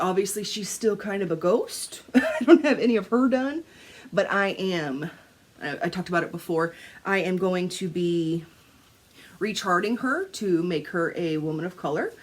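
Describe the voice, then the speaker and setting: A woman's voice: lowish voice, slightly rough. A woman, chatting casually to camera as a crafting vlogger, telling stories with laughs, swearing and acted-out quotes. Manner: animated storytelling, swearing, laughing, acting out quotes.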